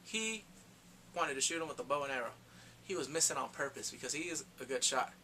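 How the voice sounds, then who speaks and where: A man giving a casual, excitable recap of a TV episode, talking in slang and acting out characters in quick asides. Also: mid-range voice, a little hiss or hum. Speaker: TV recap vlogger.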